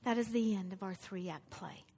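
A woman's voice: mid-range voice, normal speed, dark tone, husky. A woman preaching a sermon, telling a story with energy and putting questions to her listeners.

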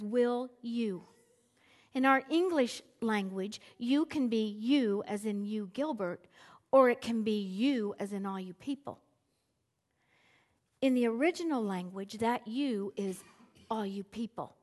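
Woman preacher, slow and dramatic, slightly high voice, acts out voices. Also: a little mellow. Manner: slow and deliberate, drops to near whispers. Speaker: Bible teacher. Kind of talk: sermon.

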